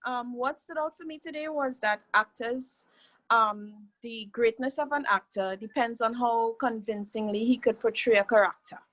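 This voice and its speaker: A woman in an acting class sharing what stood out to her, tentative and filling pauses with "um". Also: on the high side, fairly bright tone, low-quality recording. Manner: tentative, with filler ums. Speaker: acting student.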